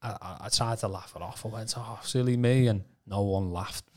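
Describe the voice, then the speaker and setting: A man from Birkenhead, telling his testimony on a podcast in a casual, animated way with stammering repeats. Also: fairly low pitch, fairly quick. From Birkenhead, England. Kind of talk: casual storytelling.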